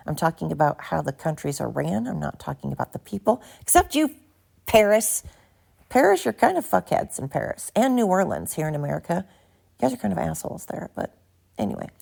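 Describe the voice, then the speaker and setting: Sleepy gravelly woman podcasting on her phone. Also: fairly low pitch, darkish tone. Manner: rambling, profane, self-mocking. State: tired, barely awake. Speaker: podcast host. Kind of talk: casual solo podcast monologue. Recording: phone recording with background noise.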